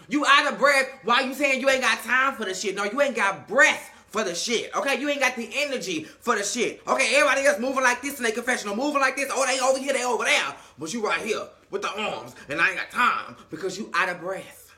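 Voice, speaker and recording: Sassy male recap host; high, piercingly bright voice, profane and theatrical. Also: expressive, fast, hardly any pauses. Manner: sassy and profane, dramatic emphasis. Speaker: reality TV recap commentator. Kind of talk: casual commentary.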